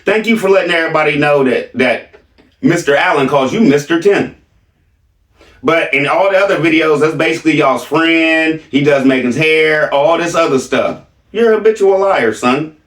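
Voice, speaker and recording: A man's voice: fairly high pitch, normal speed, a bit bright, reverberant, recorded from a distance. A man doing reaction commentary, mocking and theatrical, with a repeated catchphrase.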